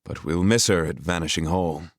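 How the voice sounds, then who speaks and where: A man voicing a steady, kindly grown friend in an audiobook, calm and measured. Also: sits low, no echo, studio quality.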